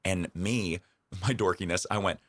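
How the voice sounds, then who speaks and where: A man's voice: deep voice, moderate pace, a bit bright, no room sound, studio quality. A young adult man, a comedian, telling stories as a guest in a radio interview, chatty and self-deprecating, rambling with fillers and laughs. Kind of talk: casual interview storytelling. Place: radio studio.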